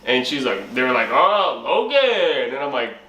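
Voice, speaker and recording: In an echoey room with faint background noise, a young male host delivers a profane, laugh-filled comic story and voices his own lines. His medium-pitched delivery is sing-song, pushed and bright, at a moderate pace.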